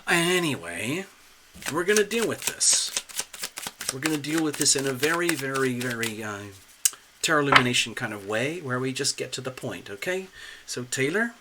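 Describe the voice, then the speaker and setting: A man hosting a live-stream tarot reading, chatty and excitable, talking straight to viewers and clients. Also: mid-range voice, normal speed, heavy background noise. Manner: chatty, excitable, laughs often. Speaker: tarot reader, channel host.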